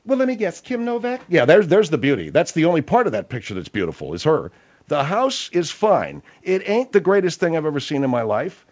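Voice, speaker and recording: A man's voice: on the high side, very animated, brisk. A man hosting a comedic radio talk show, blustery and emphatic in his complaints.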